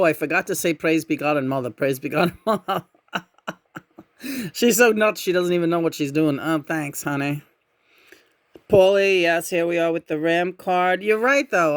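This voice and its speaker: A woman giving a casual tarot reading in a musing, meandering way, often humming softly between thoughts. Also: low-pitched, no room sound, studio quality. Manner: meandering, musing, with frequent murmured hums. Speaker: tarot reader.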